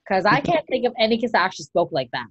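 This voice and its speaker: A woman podcast co-host in casual chat, ranting in an exasperated, animated way. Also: medium pitch, very fast, husky, no room sound, dull audio.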